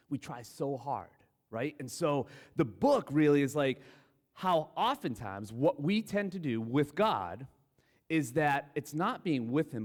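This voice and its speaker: A man's voice: medium pitch, a little mellow. Guy preaching casual and self-deprecating, voice jumps up and down a lot, long echo like a church hall. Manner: candid, self-deprecating, storytelling. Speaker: guest preacher. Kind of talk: conversational sermon. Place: church sanctuary.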